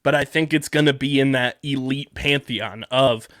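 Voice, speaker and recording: A man's voice: medium pitch, fairly even intonation, moderate pace, a bit bright, dry recording, clean studio sound. A man from the Philadelphia area co-hosting a podcast, talking about a TV show in a casual, rambling way with lots of fillers and restarts. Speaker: podcast co-host. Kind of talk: casual show review chat.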